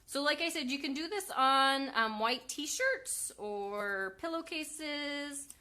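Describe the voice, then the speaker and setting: A woman's voice: high-pitched, lively intonation, slow pace, sharp tone. A woman hosting a casual craft live stream, chatting and reading out viewer comments.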